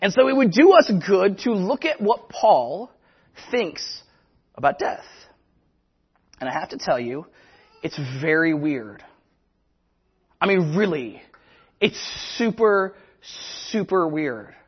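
High husky-voiced male preacher. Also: dull audio. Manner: animated, conversational, quick asides. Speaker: pastor. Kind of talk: sermon.

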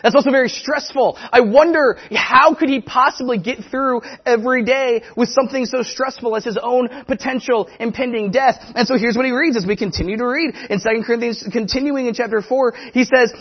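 Male pastor, high husky voice, animated conversational sermon, lo-fi sound. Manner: animated, conversational, quick asides.

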